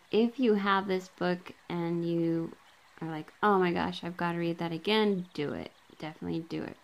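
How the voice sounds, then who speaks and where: A woman reads from a book at an unhurried, slow pace, her low voice catching in a gravelly fry. She marks every quoted passage aloud and breaks off for relaxed asides full of ums. She films herself on a handheld camera. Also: low-quality recording. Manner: casual, with frequent ums. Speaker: book vlogger.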